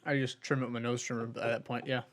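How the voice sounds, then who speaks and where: A man's voice: medium pitch, little pitch movement, quick pace. A young man co-hosting a podcast, telling a long story in a rambling, casual way with lots of filler words. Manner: rambling storytelling with many likes. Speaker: podcast co-host. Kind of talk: casual chat.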